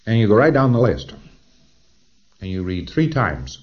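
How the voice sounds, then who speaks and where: Deep-voiced man lecturing on old tape. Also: lively intonation, measured pace, dull audio. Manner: conversational, emphatic, asides and rhetorical questions. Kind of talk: recorded lecture.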